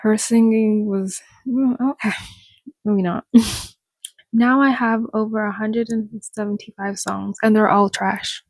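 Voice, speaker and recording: A woman reads an article aloud for her viewers and mocks it as she goes, breaking into laughter often. Her voice sits a little high and comes out slow and gravelly. The sound is close and dry. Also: fairly even intonation, darkish tone, no room sound. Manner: mocking, laughs often, addresses viewers as y'all. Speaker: commentary vlogger. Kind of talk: casual commentary reading an article aloud.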